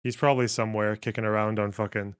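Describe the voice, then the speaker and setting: A man's voice: fairly low pitch, little pitch movement, quick pace, clean tone. A man hosting a livestream, chatting casually and bluntly with frequent swearing and laughter. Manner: profane, blunt, laughs often. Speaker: livestream host.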